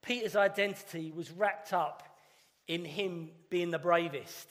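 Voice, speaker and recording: Guy giving an easter sermon, kinda high voice, big echoey church, slows down for the dramatic bits. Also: a bit bright. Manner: earnest, conversational with dramatic pauses. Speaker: pastor. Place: church hall. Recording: long reverb of a church hall.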